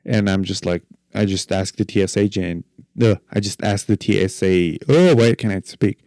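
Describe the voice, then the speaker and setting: A man's voice: on the low side, normal speed, warm tone, dry recording. Rambling, jokey young man. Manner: rambling, jokey, self-deprecating storytelling. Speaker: podcast host. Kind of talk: solo podcast chat.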